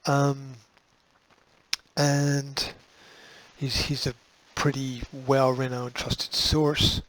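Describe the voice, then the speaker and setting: A man's voice: mid-range voice, level tone, drawn-out words, a bit bright, low-quality recording. A man hosting a show, reading news items aloud and breaking off with sarcastic, dismissive asides. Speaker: host.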